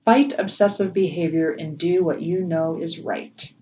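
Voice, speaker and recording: A woman giving a casual spiritual tarot reading, gentle and emotional, laughing often. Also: fairly even intonation, a little slow. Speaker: tarot reader. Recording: distant, dull low-fi mic with faint noise.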